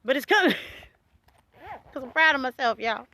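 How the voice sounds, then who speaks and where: A woman vlogger ranting casually to her viewers, loud and animated, full of slang and swearing and quick laughs. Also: high-pitched. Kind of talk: casual rant to camera.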